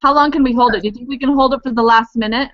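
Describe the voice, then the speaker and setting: Bright, high-voiced laughing woman. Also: very fast, no echo, muffled recording. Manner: animated, laughs often, plays up big expressions. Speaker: co-host. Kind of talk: casual group chat.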